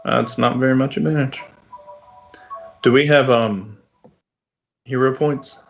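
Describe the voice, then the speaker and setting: A man's voice: medium pitch, takes it slowly, creaky, muffled recording, faint music behind. A man playing a tabletop game, chiming in with short remarks. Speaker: player. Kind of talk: casual tabletop play.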